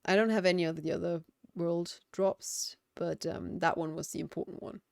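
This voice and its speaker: A woman's voice: lowish voice, steady tone, normal speed, vocal fry, few pauses, darkish tone, no echo, studio quality. A woman game streamer chatting casually and reflectively on a live stream, often laughing.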